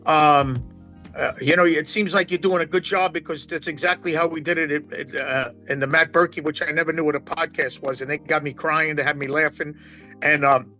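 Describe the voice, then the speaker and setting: A man's voice: fairly high pitch, steady tone, fairly quick, sharp tone, faint music behind. A man, telling his life story as a guest in a long rambling interview, full of restarts. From Brooklyn, New York. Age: 60s. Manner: rambling, emphatic, many restarts. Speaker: poker pro guest.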